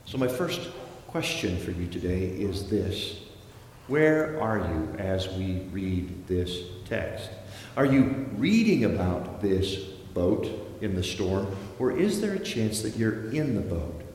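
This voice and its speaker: A man preaching a slow, deliberate sermon, telling the story dramatically and acting out the voices he quotes. His voice rings through a large church hall with long, echoing reverb. A faint ambience hangs in the room behind him. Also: low voice, sing-song, a little mellow, slight background noise.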